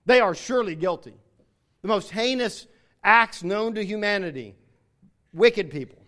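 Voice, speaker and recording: A man's voice: high voice, expressive, moderate pace, sharp tone. A man preaching a sermon, explaining scripture and reading passages aloud with emphasis. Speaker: pastor.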